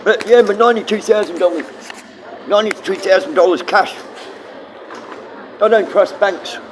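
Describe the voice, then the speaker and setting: Man, Australian accent, high voice, blunt, rambling, swearing, live stream chat, faint background noise. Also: moderate pace, low-quality recording.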